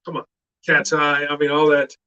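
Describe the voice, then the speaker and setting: A middle-aged man spins stories in an easy, casual chat. His voice sits a little high and has a bright, forceful edge, and he gets animated as he talks. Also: normal speed, clear, resonant tone, muffled recording. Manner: animated storyteller who shouts out quoted lines. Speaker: guest actor.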